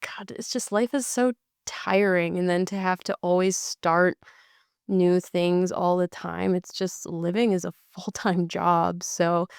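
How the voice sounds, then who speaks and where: A woman's voice: medium pitch, gravelly, darkish tone, smooth, dry recording, clean studio sound. A woman co-hosting a podcast, chatting candidly and poking fun at herself. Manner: candid, self-deprecating, laughs often. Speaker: podcast co-host. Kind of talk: casual podcast chat.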